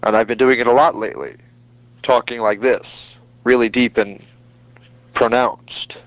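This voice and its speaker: A man doing a deep announcer voice. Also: fairly even intonation, a little slow. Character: deep pronounced announcer voice, male. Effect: echo effect. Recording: muffled lo-fi audio.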